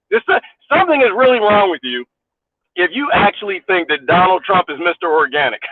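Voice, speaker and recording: A man's voice: high-pitched, dry recording. A man ranting in a casual vlog, mocking and laughing often, repeating his points. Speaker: vlogger. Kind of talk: casual rant to camera. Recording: tinny phone-like dry sound.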